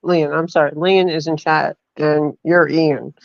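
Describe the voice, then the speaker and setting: A woman's voice: deep voice, steady tone, measured pace, creaky, dry recording. A woman hosting a livestream, telling long rambling stories with many fillers and reading chat aloud. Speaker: livestream host. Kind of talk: casual storytelling on a livestream. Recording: dull lo-fi stream audio.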